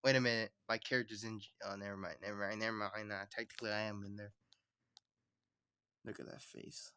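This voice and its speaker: A man's voice: lowish voice, level tone, brisk, sharp tone, clear, resonant tone. A man streaming while he draws and animates, talking to himself in a rambling, chatty way. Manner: rambling, chatty self-talk. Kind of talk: casual livestream chat.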